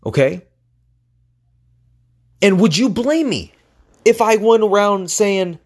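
A man's voice: sits high, expressive, slow pace, long pauses. A man hosting a podcast, delivering a motivational monologue full of swearing and rhetorical questions. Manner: profane, emphatic, rhetorical questions. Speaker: podcast host.

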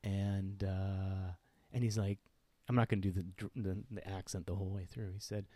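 A middle-aged man with a lowish voice tells a personal story on his podcast, earnest and reflective, often pausing and restarting mid-thought. He sounds close to a dry microphone with no room sound around him. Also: level tone, dark tone, dry recording. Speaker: podcast host.

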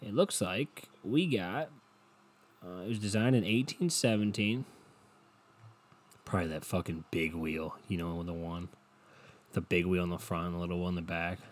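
A young man's low voice comes at a moderate pace with frequent pauses. As a solo podcast host recording at home through a cheap desk mic and headphones, he rambles in a crude, self-mocking manner, swearing heavily.

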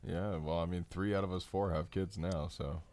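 A man co-hosting a casual podcast, laid-back and quick to laugh. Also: deep voice, fairly even intonation, a little mellow, dry recording. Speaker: podcast co-host. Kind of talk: casual chat.

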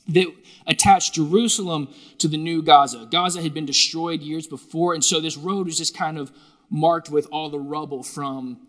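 A man preaching a sermon to a live congregation in a lively, joking, conversational way. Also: on the high side. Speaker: pastor.

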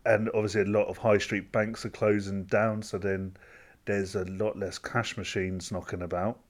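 A man's voice: on the low side, flat delivery, normal speed. A man co-hosting a casual podcast chat. He rambles and hesitates, often restarting his sentences. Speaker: podcast co-host.

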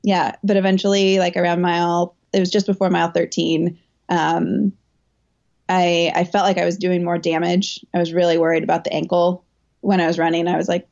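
An elite marathon runner and coach recounts a race in an interview, her delivery chatty, emotional and candid, full of fillers and restarts. Her voice is fairly low, gravelly and a little mellow, with little pitch movement and a slightly fast pace, and the recording is muffled.

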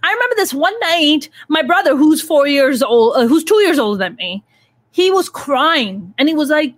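A woman in her thirties hosts a frank conversation, swearing freely as she speaks with raw emotion. Her voice sits high, and it is recorded dry and close with no room sound. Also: animated, moderate pace, a bit bright, no echo. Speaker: podcast host. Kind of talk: candid conversational interview.

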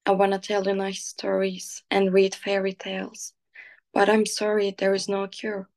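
A woman reading her own poem slowly and softly, then chatting casually. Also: medium pitch, monotone, gravelly. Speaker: guest poet. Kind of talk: casual chat and poetry reading.

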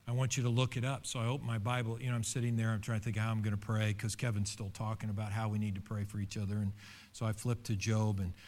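A man preaching a conversational sermon, telling stories with humor and lively asides. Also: lowish voice, quick pace. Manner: animated storytelling with humor and asides. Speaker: pastor.

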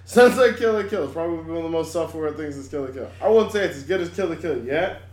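Excitable profane man in echoey room. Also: a little high, racing. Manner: excitable, swears freely. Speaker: podcast co-host. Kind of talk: casual chat.

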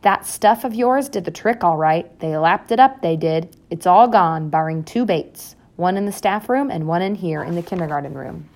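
A chatty school caretaker rattles on in plain words, as a woman reads him. The tone is low and gravelly. It is a storybook reading. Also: animated, normal speed, few pauses, a little mellow. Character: chatty school caretaker, middle-aged man.

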